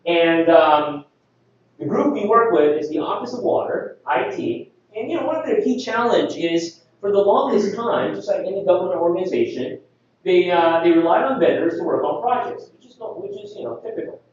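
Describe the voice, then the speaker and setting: High-voiced man speaking in an echoey hall. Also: moderate pace. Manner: energetic, rhetorical questions to the audience. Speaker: conference speaker. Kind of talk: conference presentation. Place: conference hall. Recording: echoey hall, distant mic, dull.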